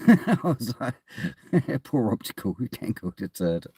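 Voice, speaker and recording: A man's voice: medium pitch, very animated, a little slow, mellow, slightly rough, no echo, clean studio sound. A man chatting casually to his phone camera from inside a parked car at night, in a wry, mumbling way. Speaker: vlogger.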